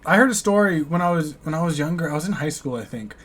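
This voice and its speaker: A man's voice: a little high, lively intonation, fast, fairly bright tone. An American man hosting a reaction video, rambling candidly through his thoughts and swearing now and then. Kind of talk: casual reaction commentary.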